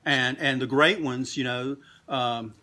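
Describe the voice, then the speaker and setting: A middle-aged man, a comic book store owner, telling stories in a casual interview, animated and swearing freely. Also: mid-range voice, slow pace.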